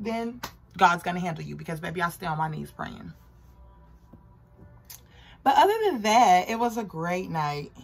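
A woman's voice: mid-range voice, fairly bright tone, breathy edge. A young woman vlogger telling a work story in a casual, blunt and profane way.

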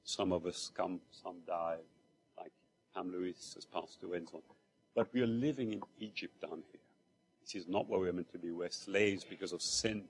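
Husky-voiced man preaching. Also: low-pitched, normal speed. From Mauritius. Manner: conversational, animated storytelling with asides to the congregation. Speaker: lay preacher. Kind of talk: sermon. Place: church.

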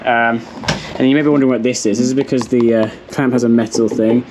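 A man's voice: mid-range voice, fairly even intonation, quick pace, a little mellow, a little hiss or hum. An English man narrating a casual vlog as he works, chatty and full of ums and likes. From England. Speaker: vlogger.

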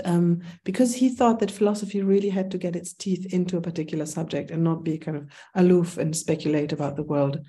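A woman with a German accent lectures in an online philosophy seminar. Her voice sits a little low and sounds soft and mellow. She talks thoughtfully, wandering into asides and pausing on ums. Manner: thoughtful, digressive, with frequent ums. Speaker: seminar instructor.

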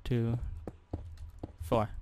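A man's voice: extremely slow, noisy background. A young man giving casual gameplay commentary as a YouTuber, rambling and joking, talking to himself and counting aloud. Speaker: gaming YouTuber.

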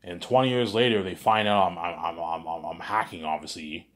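A man with a very low voice rambles through a story he is making up as he goes. He trips over his own words and repeats himself, tacks on "you know" over and over, and swears casually. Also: brisk. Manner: repeats words and keeps saying "you know what I'm saying"; excitable, swears freely. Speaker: vlogger pitching a movie idea.

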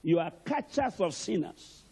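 A calm, gentle Jesus speaks in a low, reassuring voice, as a man acts him out in a sermon. He talks slowly and softly, with a husky edge. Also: full character voice. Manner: soft, unhurried, reassuring.

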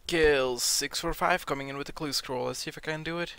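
A young man who is sick, commenting casually over his gameplay, reading out loot drops and swearing when he gets excited. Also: on the high side, fairly quick, clean tone, dry recording. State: sick, sounding a bit off. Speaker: gaming video creator.

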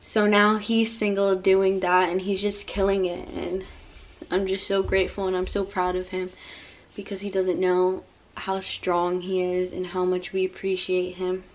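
A young woman vlogger talks at home at night, soft and heartfelt, wandering from thought to thought. Her pitch barely moves, giving an even, level delivery. Camera sits close by. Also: a little slow, lo-fi sound. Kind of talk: casual chat to camera. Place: home at night, taking off makeup. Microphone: camera set down nearby.

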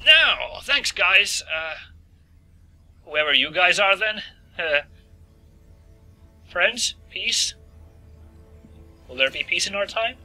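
A man commentating his way through a video game, joking with viewers as he sneaks along. His voice is very bright and forward, swinging widely up and down in pitch and sitting a touch high. Game music plays faintly behind him. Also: slow pace, pauses often, rough recording. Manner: joking, lively, talks to viewers. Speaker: let's play host. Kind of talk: gameplay commentary.

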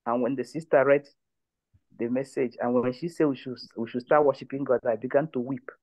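A woman's voice: very deep voice, steady tone, a little fast, no room sound, highs cut off. A woman leads a prayer line, giving testimony and exhortation in an emphatic, repetitive way. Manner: emphatic, repeats phrases.

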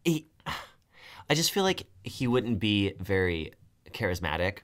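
A man co-hosting a podcast in casual chat, deadpan and swearing freely, with quick jokey asides. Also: on the low side. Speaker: podcast co-host.

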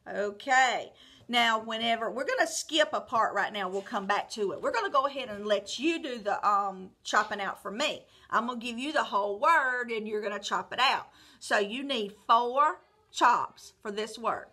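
A woman teaching a phonics lesson to young children, slowly modeling sounds and words and giving encouraging praise. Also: a little high, bright, forceful tone. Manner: clear, encouraging, drawn-out word modeling with praise.

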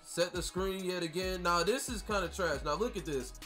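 A man commentating his own basketball video game in a high, excited voice, full of slang, hype and trash talk. Quiet game music plays underneath him. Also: normal speed, hardly any pauses. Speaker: gaming YouTuber. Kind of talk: gameplay commentary.

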